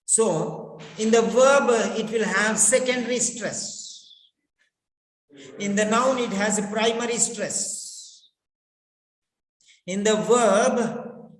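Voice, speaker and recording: A man teaches pronunciation at an unhurried pace. He repeats key words again and again to drill them. The sound is roomy, with a long echo trailing each phrase. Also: sits high, a bit bright. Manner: repetitive, drills words over and over. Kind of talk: slow instructional lesson. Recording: echoey room with long reverb.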